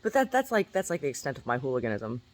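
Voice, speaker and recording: A woman's voice: rumbling low, big pitch swings, fast talker, slight background noise. A middle-aged woman telling rambling stories to her camera, laughing and repeating herself as she goes. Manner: rambling, laughing, self-mocking storyteller; repeats words and restarts often. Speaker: vlogger. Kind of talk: casual monologue to camera.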